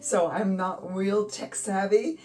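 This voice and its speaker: A woman's voice: medium pitch, steady tone, takes it slowly, a little mellow, distant mic, faint music behind, poor audio. A woman in her fifties hosting her art channel, giggly and effusive, close to tears and laughing often. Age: 50s. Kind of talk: casual vlog chat. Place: home art studio. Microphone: phone.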